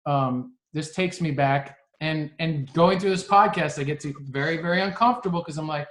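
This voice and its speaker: Animated rambling man on a podcast. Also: fairly high pitch, moderate pace. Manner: animated storyteller, acts out dialogue in voices; rambling, frequent restarts. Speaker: podcast co-host. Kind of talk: casual podcast chat.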